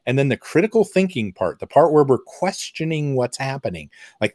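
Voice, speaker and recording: A man's voice: mid-range voice, very animated, moderate pace, few pauses, a little mellow, no room sound, studio quality. A man giving an explanatory talk in a conversational way, with fillers and asides. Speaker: presenter.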